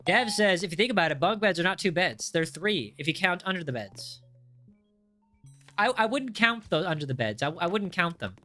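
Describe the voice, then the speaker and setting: A young man hosting a casual game livestream, reading chat aloud in an excitable, jokey way with frequent restarts. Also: high voice. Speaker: livestream host.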